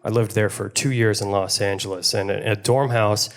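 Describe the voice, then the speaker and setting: A young man from Pittsburgh doing a stand-up comedy set, wry and deadpan. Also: on the low side, normal speed. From Pittsburgh, USA.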